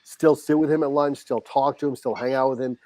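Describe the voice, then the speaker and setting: A middle-aged man, a high school football coach, telling a heartfelt story as a podcast guest and acting out the dialogue. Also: fairly even intonation, a little fast, darkish tone. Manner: earnest, heartfelt, reenacts dialogue.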